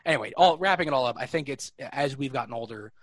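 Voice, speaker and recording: A man's voice: medium pitch, animated, fast, no room sound. A man with a New York accent hosting a podcast, chatting casually in a rambling, joking way that keeps interrupting itself. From New York area. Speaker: podcast host. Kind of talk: casual chat.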